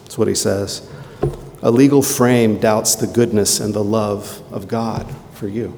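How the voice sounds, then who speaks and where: A man preaching a sermon in a conversational way, with quick asides and emphatic rhetorical questions. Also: lowish voice, fairly even intonation, vocal fry, noisy background. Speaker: pastor. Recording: long hall reverb.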